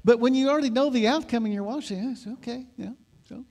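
Brief: male pastor, high-pitched, conversational sermon that swells into exhortation. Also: fast, a little mellow. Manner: conversational preaching, rising to emphatic exhortation.

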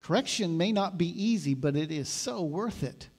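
Brief: male pastor, high-pitched, conversational sermon that swells into exhortation. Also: expressive, moderate pace, hardly any pauses, a little mellow, husky. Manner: conversational preaching, rising to emphatic exhortation.

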